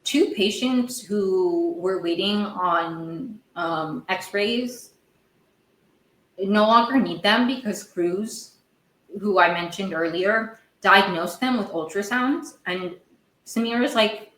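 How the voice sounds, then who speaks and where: On this reverberant, low-quality recording, a woman with a medium-pitched, fairly bright voice hosts a podcast. She recaps a TV episode in a casual, meandering way, often fixing what she just said and getting heated.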